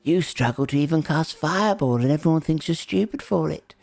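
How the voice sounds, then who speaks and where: Man voicing spiteful mirror heads, mocking, drawn-out insults, slightly high, dark tone. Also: lively intonation, gravelly, no room sound, soft background music. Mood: taunting. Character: sneering magical mirror heads, cruel and taunting.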